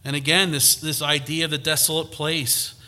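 A man's voice: on the high side, little pitch movement, normal speed, bright, forceful tone. A man preaching a conversational sermon, reading scripture and rising to emphatic peaks.

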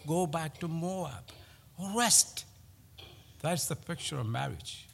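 A man's voice: a little high, animated, vocal fry, a bit bright, husky, in a large hall. A man preaching a sermon, telling a story and repeating his key points with emphasis. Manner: storytelling, with pauses and emphatic repetition.

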